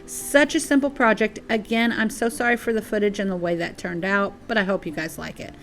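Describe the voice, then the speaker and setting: A woman's voice: mid-range voice, steady tone, fairly quick. A woman hosting a casual craft tutorial, chatty and apologetic and a little out of breath. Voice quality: chatty, apologetic, uses y'all. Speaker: DIY crafts channel host. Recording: soft music behind.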